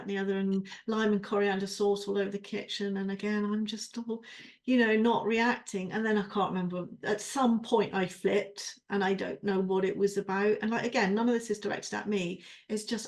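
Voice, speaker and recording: A woman's voice: medium pitch, darkish tone. A frustrated woman venting and swearing. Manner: rambling, with self-interruptions. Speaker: podcast co-host. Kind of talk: venting during a coaching session.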